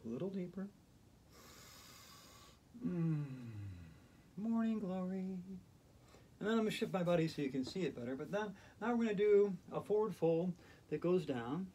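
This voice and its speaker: A man leading a yoga routine in a gentle, playful, chatty way. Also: high voice, moderate pace, pauses often, a little hiss or hum. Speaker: yoga instructor. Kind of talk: guided yoga instruction.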